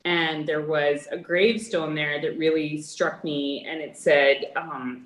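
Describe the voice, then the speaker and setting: A woman's voice: low-pitched, steady tone, takes it slowly, hardly any pauses, echoey room, rough recording. A Canadian woman joining the show from France, speaking earnestly and reflectively. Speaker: guest on the phone. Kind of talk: remote interview chat. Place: outdoors on vacation in France.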